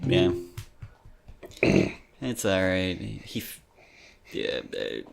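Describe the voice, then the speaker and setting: A man's voice: deep voice, very animated, very slow, gravelly. A man co-hosting a casual album podcast, talking in a rambling, hesitant way. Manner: rambling, hesitant, many fillers. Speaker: podcast co-host. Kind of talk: casual chat about music.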